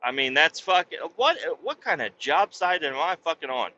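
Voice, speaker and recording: Bright-voiced man ranting with constant swearing. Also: moderate pace, dull audio, slight background noise. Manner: profane, animated, puts on a sweet high voice for quoted niceness. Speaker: podcast co-host. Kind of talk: casual storytelling rant.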